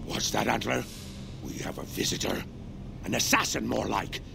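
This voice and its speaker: Video game brute: an unhinged, gravelly super mutant who talks to a skull in halting bursts. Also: male voice, steady tone, over music. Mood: suspicious. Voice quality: gravelly, deep-throated. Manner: halting, broken speech. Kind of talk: video game character dialogue.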